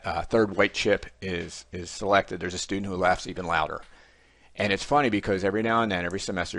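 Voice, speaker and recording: A man's voice: deep voice, vocal fry, a bit bright, no echo. A middle-aged man teaching statistics in a recorded lecture video, telling a classroom story in a conversational way with folksy asides. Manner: conversational storytelling with quoted student voices. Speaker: statistics instructor.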